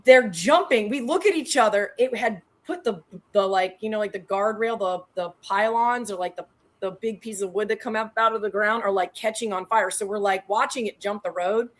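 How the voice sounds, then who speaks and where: A woman in her thirties, a guest telling lively stories in a slangy, animated way with loud excited peaks. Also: medium pitch, moderate pace. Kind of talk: casual storytelling on a show.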